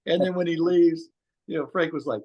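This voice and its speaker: A man's voice: a little high, fairly even intonation, a little fast, muffled recording. A man hosting a casual interview, retelling a story in a rambling way with frequent fillers.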